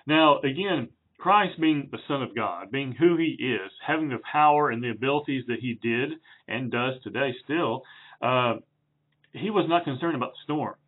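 A man preaching through a Bible passage in a relaxed, chatty way, with fillers and self-corrections. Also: mid-range voice, moderate pace. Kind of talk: conversational Bible teaching. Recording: tinny phone-like sound.

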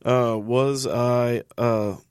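A man's voice: mid-range voice, fairly even intonation, extremely slow, a little mellow, clear, resonant tone, dry recording. A man co-hosting a Bible study who joins in eagerly, using everyday comparisons in casual talk. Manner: enthusiastic, uses sports comparisons. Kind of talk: casual chat.

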